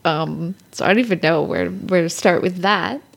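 Brief: woman co-host, slightly low voice, playful and giggly, narrating her turns in a role-play game. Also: normal speed, creaky. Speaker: co-host and player.

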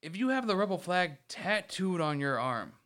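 A man in casual conversation with a slightly high, smooth voice. He tells his stories with lots of energy, swears freely, and acts out what other people said. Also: moderate pace. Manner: animated storytelling, swears often, acts out quotes. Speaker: podcast co-host. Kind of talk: casual chat.

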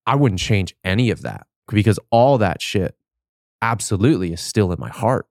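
A man's voice: lowish voice, expressive, moderate pace, gravelly, no echo, clean studio sound. A man hosting a podcast interview, talking in an earnest, grateful, casual way. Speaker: podcast host. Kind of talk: conversational interview.

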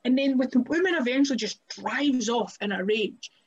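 On a muffled recording, a young woman with a fairly high, husky voice and lively intonation speaks at normal speed. A wrestler guesting on a podcast, she's chatty, laughs often, and fills her casual stories with "like."

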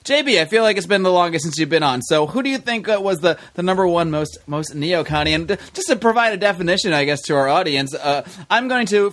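A man's voice: fairly high pitch, fairly bright tone. A man hosting a casual political podcast, rambling and joking while drinking. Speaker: podcast host.

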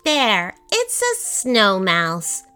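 A woman's voice: mid-range voice, wildly swooping pitch, drawn-out words, pushed and bright, smooth, soft background music, pitched below the performer's own voice, exaggerated voice. A woman voicing a sweet, enthusiastic little girl who squeals with delight. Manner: squealing, gushing.

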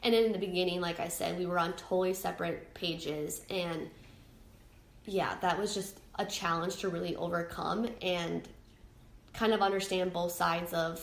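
A young adult woman guesting on a podcast speaks candidly and emotionally about her own life, often restarting and hunting for words. Her voice is fairly low and creaky, and the recording has a roomy echo.

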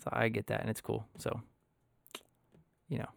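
A man's voice: fairly low pitch, monotone, moderate pace, creaky, no echo, studio quality. A man hosting a casual podcast chat, telling stories with lots of laughter and loose, rambling asides. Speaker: podcast host.

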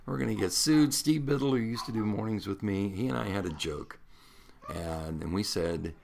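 With a slight hiss or hum in the background, a veteran radio host in his 60s speaks at a moderate pace, his voice on the low side with vocal fry. During this storytelling interview he's lively and animated, with laughter running through his stories.

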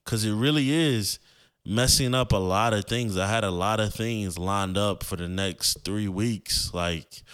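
A young man hosting a podcast tells a personal story, loose and rambling, full of slang and fillers. His voice sits fairly low and comes through smooth and resonant. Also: fairly bright tone. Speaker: podcast host.

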